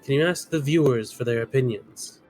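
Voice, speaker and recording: A man's voice: mid-range voice, moderate pace, darkish tone, poor audio. A man co-streaming a game, reading character lines and hamming up a put-on Southern accent. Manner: playful, drawls in a put-on Southern voice.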